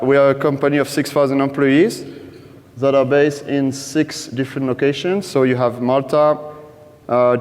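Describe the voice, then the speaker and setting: A man with a French accent giving a conference presentation, halting and full of fillers and restarts. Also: mid-range voice, darkish tone. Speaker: conference speaker. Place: conference stage. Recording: large hall reverb.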